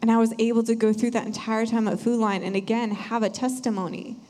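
A young woman sharing an earnest, animated church testimony. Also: a little high, fairly quick. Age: young adult. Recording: hall reverb.

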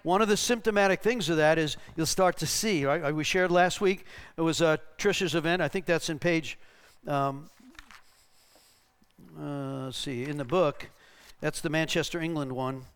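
A man's voice: a little high, normal speed, fairly bright tone, clean tone. A man preaching in a church, telling stories conversationally and checking in with "right?" while acting out voices. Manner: conversational, tags lines with "right?", acts out the voices in his stories. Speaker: pastor. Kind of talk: sermon teaching with anecdotes.

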